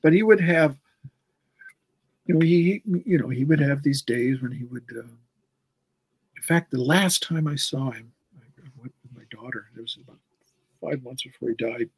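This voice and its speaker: A man's voice: mid-range voice, normal speed, pauses often, breathy edge, dry recording, low-quality recording. A man in his sixties, a guest in a casual interview, telling long stories in a rambling way and repeating words as he goes. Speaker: comic artist guest.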